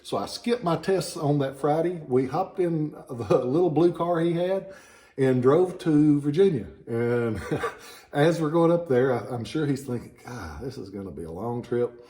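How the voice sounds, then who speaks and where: A man's voice: a little high, unhurried, warm tone. A man with a Southern US accent talking informally about antiques he sells, chatty and prone to digress, with stuffy sinuses, in a small office. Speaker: relic dealer and shop owner. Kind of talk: informal product talk.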